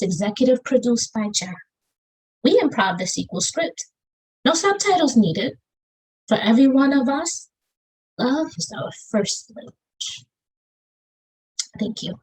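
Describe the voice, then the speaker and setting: Southern lady doing spoken word over a video call, kinda husky, pitched a bit high, punchy rhythm. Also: lively intonation, unhurried, long pauses, darkish tone, rough recording. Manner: rhythmic, emphatic delivery with Southern slang. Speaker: poet. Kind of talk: spoken-word poetry performance.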